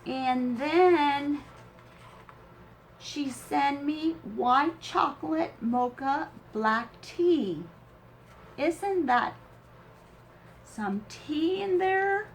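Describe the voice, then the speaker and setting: A woman with a high, bright pitch speaks at a very slow, lingering pace, gushing with teary awe as she opens a handmade craft gift. Faint background noise sits under her voice. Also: expressive. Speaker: crafting channel host. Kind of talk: emotional unboxing of a craft swap gift.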